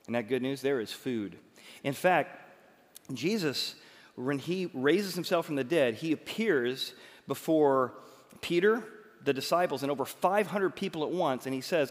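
A man preaching a sermon in an animated, joking way, with quick asides. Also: mid-range voice. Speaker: pastor. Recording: long reverb of a large hall.

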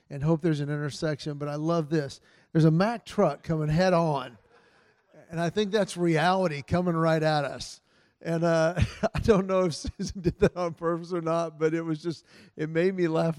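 A man giving a heartfelt church talk to a men's group, telling stories in an earnest way and softening his voice for quoted lines. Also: a little high, no echo. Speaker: men's ministry speaker.

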